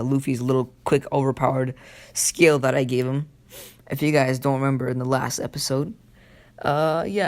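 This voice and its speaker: Man, casual fan storyteller, rambling, sleepy and yawning, gravelly, mid-pitched. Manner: rambling, full of fillers.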